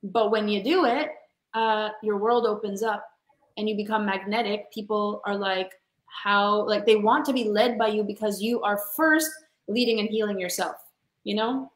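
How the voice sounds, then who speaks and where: A woman's voice: medium pitch, fairly even intonation, normal speed. A woman sales coach being interviewed over a video call, speaking in a passionate, emphatic motivational way. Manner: passionate, emphatic, calls listeners honey. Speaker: sales coach for women, guest. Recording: echoey room.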